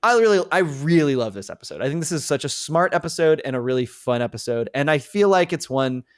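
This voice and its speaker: A man's voice: a little high, animated, fast, dry recording, clean studio sound. A man co-hosting a casual podcast, talking with enthusiasm and laughing often as he quotes scenes. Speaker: podcast co-host. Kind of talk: casual chat.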